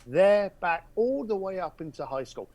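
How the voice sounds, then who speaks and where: A man puts on an earnest caller who talks in fits and starts, padded with fillers. The voice sits high and swings widely in pitch, and it sounds close and dry. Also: expressive, dry recording. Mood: wistful. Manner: halting, hesitant, full of fillers. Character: earnest male caller, adult, sentimental fan.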